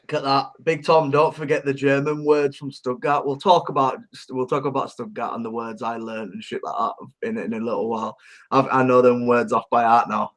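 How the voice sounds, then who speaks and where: A man's voice: medium pitch, flat delivery, brisk, a bit bright. A man co-hosting a vaping podcast in casual, sweary banter, laughing often and greeting the live chat.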